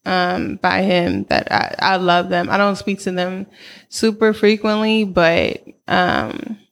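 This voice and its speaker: A woman's voice: fairly low pitch, slow, gravelly. A woman in her thirties with a New York accent, telling her story as a guest in a casual interview, candid and slangy, laughing often.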